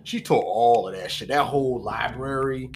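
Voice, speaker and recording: A man's voice: medium pitch, normal speed. Profane rambling man recapping a film. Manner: rambling, profane, full of "like" and "you know"; acts out characters' lines mid-story. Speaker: film reviewer. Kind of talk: casual movie recap. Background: music underneath.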